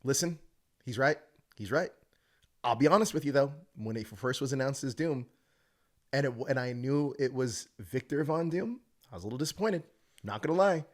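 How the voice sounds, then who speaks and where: A man in his thirties hosting a podcast, chatting casually and joking around. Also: mid-range voice. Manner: animated, jokey, quick to put on silly voices. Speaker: podcast host. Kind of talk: casual chat.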